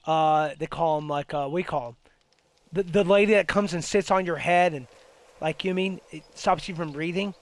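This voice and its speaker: Casual male host, higher voice, loose rambling storyteller, lots of "you know what I mean". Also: a little fast, dry recording. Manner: rambling, lots of fillers and restarts. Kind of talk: casual ghost story chat.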